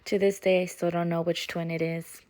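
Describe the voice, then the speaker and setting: A young woman, a college student, narrating highlights of her years at school in a casual, chatty storytelling way. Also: little pitch movement, fairly quick, darkish tone, slight background noise. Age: young adult. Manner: chatty, storytelling with quoted reactions.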